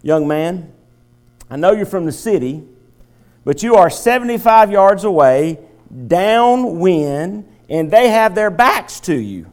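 A man's voice: high voice, animated, takes it slowly, darkish tone, voice pushed up. A male preacher voicing an older farmer who teases in a raised voice within a sermon story. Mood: teasing.

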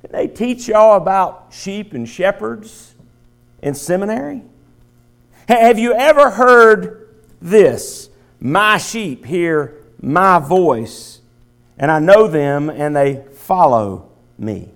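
A man's voice: high voice, expressive, slow, pitched above the performer's own voice, heavily acted. A male preacher voicing an older farmer who teases in a raised voice within a sermon story. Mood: teasing.

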